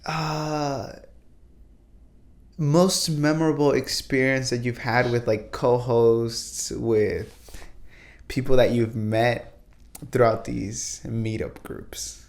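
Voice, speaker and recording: A man's voice: mid-range voice, steady tone, slow, creaky, a little mellow. A man hosting a podcast, asking casual questions and often repeating words as he forms them. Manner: stammering, repeats words while forming questions. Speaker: podcast host. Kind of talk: casual interview.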